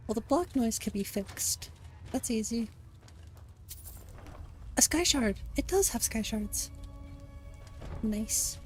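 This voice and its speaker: A woman casually commenting on her gameplay as a streamer, chatty and relaxed, thinking aloud as she plays. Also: fairly high pitch, takes it slowly, pauses often. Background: soft lofi music.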